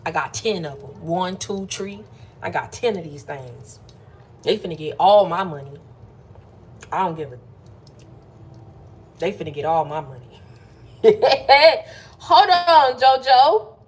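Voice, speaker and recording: A woman's voice: deep voice, a little slow, pauses often, a little mellow, slightly rough. A woman hosting a casual late-night livestream pep talk. She sounds playful and chatty and keeps calling her listeners "baby" and "y'all". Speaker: motivational livestream host.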